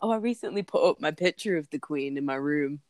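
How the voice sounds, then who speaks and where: British woman, low voice, swears a lot and giggles, telling stories, dry close mic. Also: animated, fairly quick, a little mellow, no room sound. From Britain. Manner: playful, sweary, giggly storyteller. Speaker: podcast co-host. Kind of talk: casual chat.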